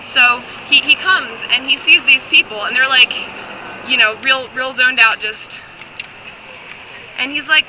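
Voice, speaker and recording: A woman's voice: sits high, a little slow, pauses often, very noisy. A young woman with a strained, tired voice telling a comic, rambling story full of restarts and asides. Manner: rambling, joking, many restarts. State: losing her voice.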